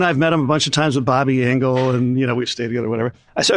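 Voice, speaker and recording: A man's voice: mid-range voice, racing, hardly any pauses, no echo. An older man, a concert promoter, telling stories in an interview and acting out the voices of people he quotes. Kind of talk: storytelling in an interview.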